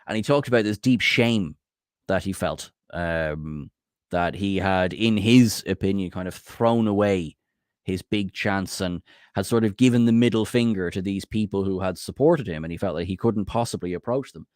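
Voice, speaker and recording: A man's voice: low voice, normal speed, darkish tone, no echo, clean studio sound. A man co-hosting a podcast, talking casually with many hesitations and fillers. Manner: hesitant, filler-heavy talk. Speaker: podcast co-host on a charity stream. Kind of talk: casual chat.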